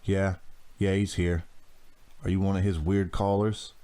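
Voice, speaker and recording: A man doing a gruff cop dad with a drawl. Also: sits low, flat delivery, measured pace, dark tone. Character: gruff middle-aged police officer father.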